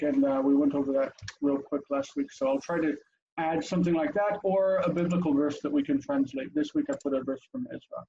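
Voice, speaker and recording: A man's voice: a little high, creaky, warm tone, lo-fi sound, slight background noise. A man teaching an online language lesson over a video call, chatty and explanatory, with frequent ums and asides.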